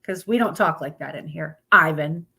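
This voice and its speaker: A woman's voice: low-pitched, normal speed, vocal fry, pushed and bright, husky. A woman hosting a casual live stream, greeting viewers by name and reading out topics aloud with stumbles and blunt asides.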